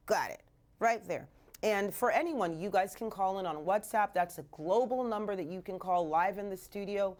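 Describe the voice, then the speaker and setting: A woman's voice: mid-range voice, moderate pace, a little mellow. A woman from Canada hosting a live radio show, talking casually and animatedly, slipping in Jamaican patois phrases, from a radio studio.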